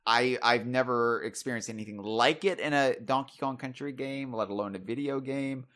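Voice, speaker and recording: A man's voice: mid-range voice, moderate pace, fairly bright tone. A man hosting a podcast, chatting casually and thinking aloud about video games. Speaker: podcast host.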